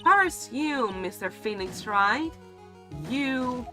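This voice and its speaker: A woman's voice: on the high side, animated, drawn-out words, pushed and bright, soft background music, voice pushed up, full character voice. A woman voicing a haughty young female prosecutor in a game, scornful and superior.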